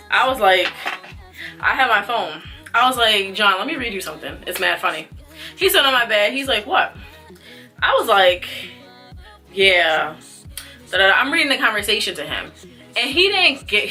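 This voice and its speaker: A young woman, telling a casual storytime vlog, animated and full of fillers, acting out what people said. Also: mid-range voice. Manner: animated, acts out dialogue, frequent fillers. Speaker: vlogger. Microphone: camera mic.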